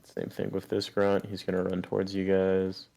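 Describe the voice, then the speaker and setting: A man narrating as game master in a relaxed, plain-spoken way. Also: deep voice, moderate pace, vocal fry.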